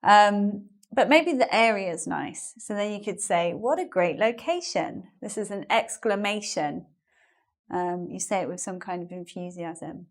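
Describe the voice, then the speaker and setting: A British woman teaching English online, talking at an everyday middle pitch. Her delivery is chatty, and she keeps explaining phrases with examples and little asides. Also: measured pace. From England. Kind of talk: online language lesson.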